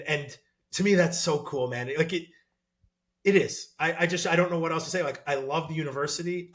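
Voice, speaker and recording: A man in his thirties, a former college football player, talking as a podcast guest in an animated, excitable way with lots of fillers. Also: on the high side. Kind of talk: casual podcast interview.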